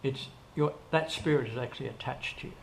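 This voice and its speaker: Gravelly older man telling stories. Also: medium pitch, brisk. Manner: rambling, with frequent restarts and quoted dialogue. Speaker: interview guest. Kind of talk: casual storytelling in an interview. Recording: faint background noise.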